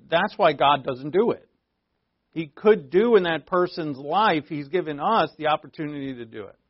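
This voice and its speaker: A man preaching a conversational sermon, earnest, asking rhetorical questions and shifting from emphatic to hushed. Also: a little high, no room sound, lo-fi sound. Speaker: pastor.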